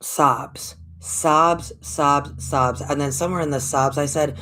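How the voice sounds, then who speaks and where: An American woman in her forties, a livestream host, casually tells a story in a relaxed, easygoing way. She speaks slowly in a low voice, acts out the voices of the people involved, and laughs often.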